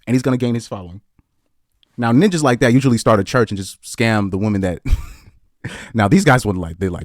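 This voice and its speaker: A man shares blunt opinions in loose, rambling podcast commentary. He often restarts his sentences and chuckles between points. His voice is on the low side, and the recording is dry with no room sound. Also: brisk, long pauses, dry recording.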